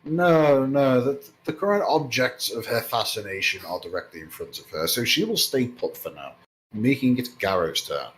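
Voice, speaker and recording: A man running a tabletop game as game master, giving measured rulings with a few hesitant fillers. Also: mid-range voice, sing-song, poor audio.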